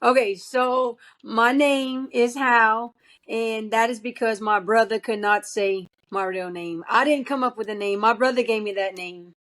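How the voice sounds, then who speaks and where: A woman's voice: a little high, measured pace. A woman in her forties from South Louisiana with a thick Cajun accent, chatting as a podcast guest and telling stories. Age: 40s. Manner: lively storyteller with a thick drawl. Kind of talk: casual chat.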